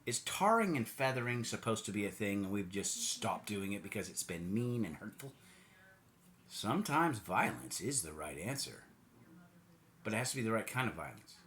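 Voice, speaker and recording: A man's voice: fairly low pitch, a bit bright. An American man delivering a sarcastic, mocking political rant, now and then putting on silly voices. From United States. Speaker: political commentator. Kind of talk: ranting monologue.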